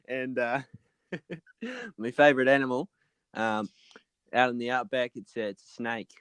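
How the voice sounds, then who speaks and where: A man's voice: medium pitch, slow pace, fairly bright tone, smooth, no echo. A young man with a New Zealand accent telling jokey stories in casual podcast chat. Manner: wry, joking storyteller. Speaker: podcast co-host.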